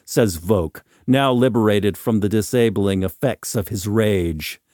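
A man narrating a scripted horror story in a measured, ominous way. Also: mid-range voice, mellow, no echo, clean studio sound.

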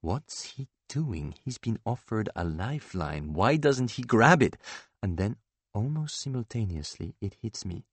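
A man narrating a novel in the first person, measured and dryly ironic. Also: on the low side, very animated, breathy edge, dry recording. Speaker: audiobook narrator.

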